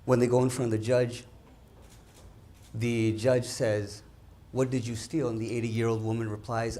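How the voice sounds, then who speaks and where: A man's voice: medium pitch, moderate pace. Man telling jokes to a dinner crowd. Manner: animated, acts out characters in quoted voices. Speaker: comedian at a dinner. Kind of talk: stand-up joke telling. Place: event hall with a live audience.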